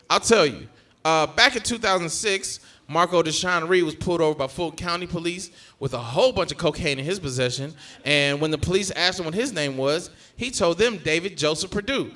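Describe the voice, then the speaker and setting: Animated high-voiced stand-up comedian. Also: male voice, brisk. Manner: animated storytelling, acting out family members. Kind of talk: stand-up set.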